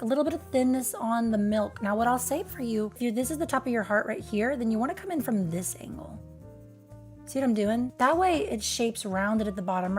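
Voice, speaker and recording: A young woman with a Texan accent, hosting a comedic latte art critique in a playful, teasing manner full of innuendo. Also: fairly high pitch. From Texas. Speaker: latte art judge and host.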